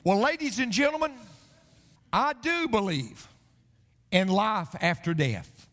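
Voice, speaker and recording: A man's voice: high-pitched, slow pace. A man preaching a sermon as a pastor, telling jokes and reading scripture, with the odd stammered restart. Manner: storytelling preacher mixing jokes with scripture, animated delivery. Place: church sanctuary. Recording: long hall reverb.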